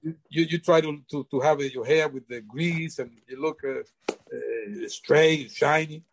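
A man's voice: on the high side, a little slow, creaky. An older man from Queens telling a personal story in casual, rambling talk, often repeating words as he remembers and acting out the dialogue. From Queens, New York. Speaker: guest storyteller.

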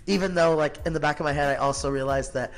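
Man in his thirties, animated storyteller. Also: fairly high pitch, fast talker. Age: 30s. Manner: animated, acts out quoted people, frequent "like" fillers. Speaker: podcast guest. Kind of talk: casual conversational storytelling.

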